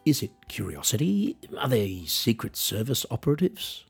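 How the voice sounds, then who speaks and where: Husky Australian man, wry podcast host. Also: mid-range voice, very animated, normal speed, faint music behind. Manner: wry, self-deprecating, musing. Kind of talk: scripted solo monologue.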